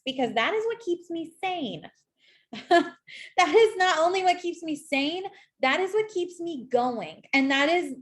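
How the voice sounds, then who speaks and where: A woman in her thirties giving a casual tarot reading, chatty and animated, speaking straight to the viewer. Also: high voice. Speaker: tarot reader.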